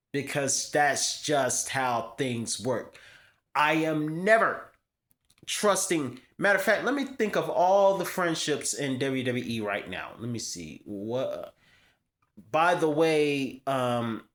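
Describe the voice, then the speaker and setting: A man's voice: fairly high pitch, a bit bright. A young man hosting his own wrestling review vlog, talking casually and emphatically, repeating words to stress a point. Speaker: wrestling show host.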